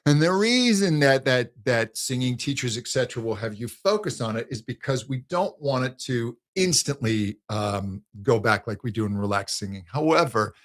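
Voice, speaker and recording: A man's voice: medium pitch, lively intonation, normal speed, few pauses. A man teaching singing in a live question-and-answer session, explaining with restarts and breaking into sung exercises. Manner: thoughtful, restarts phrases.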